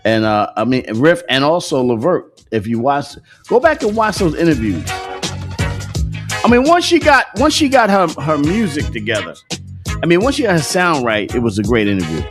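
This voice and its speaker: A man's voice: a little high, big pitch swings, normal speed. A man hosting a casual morning livestream, joking, swearing and laughing often, with faint music behind him. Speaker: host.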